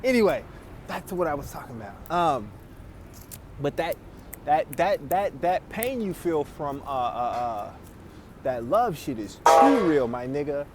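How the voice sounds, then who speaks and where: A man's voice: on the high side, very animated, measured pace, over music. A man telling stories in casual, profane chat, laughing often. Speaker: podcast host.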